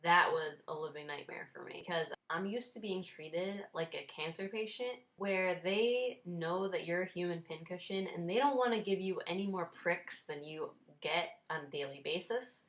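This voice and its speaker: A young woman in her twenties talks straight to her viewers in a relaxed vlog. Her voice sits a little low, and her tone stays wry and self-mocking, with small laughs slipped in. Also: moderate pace, few pauses. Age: 20s. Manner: wry, self-deprecating, laughs while telling. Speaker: vlogger. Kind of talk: casual storytelling vlog.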